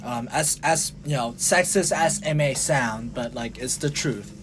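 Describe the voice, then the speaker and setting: A young man hosting a podcast in casual chat, talking in a halting, rambling way with many restarts and fillers. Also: mid-range voice, noisy background. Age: young adult. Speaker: podcast host.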